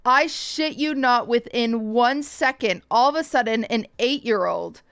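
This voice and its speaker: A young woman streamer casually telling her viewers a story, swearing freely and quickly mimicking other people's lines. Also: a little high, a bit bright, clean tone, no room sound.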